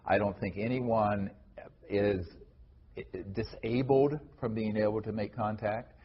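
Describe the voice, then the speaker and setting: A man's voice: fairly low pitch, steady tone, slow pace, slight background noise. A man speaking earnestly at a talk, conversational with many fillers and restarts, answering an audience question. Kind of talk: lecture and Q&A answer. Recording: dull lo-fi recording.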